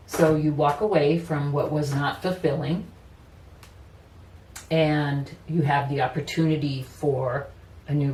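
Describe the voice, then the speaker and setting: Low-voiced, slow-talking woman tarot reader. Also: a little mellow, a little hiss or hum. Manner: chatty, repeats "you know", laughs easily. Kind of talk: casual tarot reading monologue. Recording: roomy echo, mic at a distance, faint ambience.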